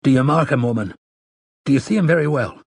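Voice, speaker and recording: A man with a husky voice playing a grim, weary middle-aged frontier farmer in an audiobook, speaking low and grave in a rustic dialect. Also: expressive, fast, dry recording, clean studio sound. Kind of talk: audiobook character voice.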